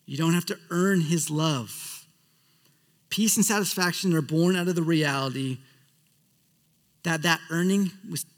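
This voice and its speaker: A man preaching a sermon as a pastor, earnest, often dropping to a soft hush at the ends of phrases. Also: on the high side, in a large hall.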